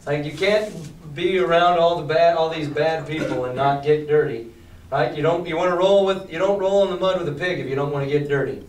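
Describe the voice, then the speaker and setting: A man's voice: a little high, fairly quick. A male teacher reading a novel aloud to his class and explaining it in casual, plain-spoken asides. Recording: roomy classroom from far off.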